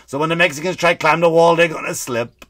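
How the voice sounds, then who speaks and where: A bragging older politician, raised in pitch and pushed loud, as a man puts him on, selling sneakers with endless superlatives. It is delivered as a salesman's pitch on a dry, close podcast recording. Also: steady tone, quick pace, no room sound, lightly acted. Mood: boastful.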